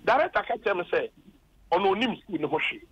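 A man's voice: high-pitched, very animated, a little fast, fairly bright tone, breathy edge, no echo, low-quality recording. A Ghanaian man, a former district chief executive, calls in to a radio program and complains at length, impassioned and indignant as he retells his arguments.

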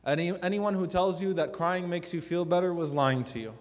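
A man preaching to a youth conference, telling personal stories earnestly and dropping to a hushed voice for emphasis. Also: sits high, brisk. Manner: drops to a soft, hushed voice for emphasis. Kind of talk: emotional sermon. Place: large conference hall. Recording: long hall reverb.

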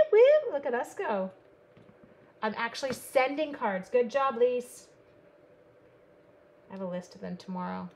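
A woman demonstrating card-making on a live online stream, chatting brightly with viewers as she works. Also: fairly high pitch, slight background noise. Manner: chatty, bubbly, talks to viewers while working.

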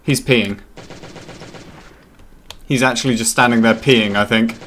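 Male gaming host, mid-pitched, chatty, playful play-by-play. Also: fairly even intonation, measured pace, fairly bright tone, a little hiss or hum. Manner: chatty, playful, talks to game characters. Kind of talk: casual gameplay commentary.

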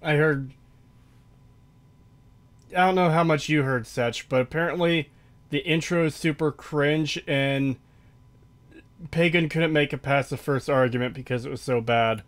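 A man hosting a casual stream chat, dry and measured, steering the talk along. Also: on the high side, steady tone.

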